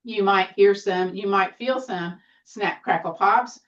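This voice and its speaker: A woman teaching a seated tai chi class, giving gentle, encouraging cues with playful exclamations. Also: mid-range voice, measured pace, distant mic, lo-fi sound. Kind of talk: guided exercise class.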